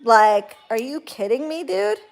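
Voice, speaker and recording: A woman's voice: sits high, big pitch swings, a little slow, gravelly. A woman who works as a spiritual practitioner, ranting bluntly and profanely in a casual livestream. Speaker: spiritual worker.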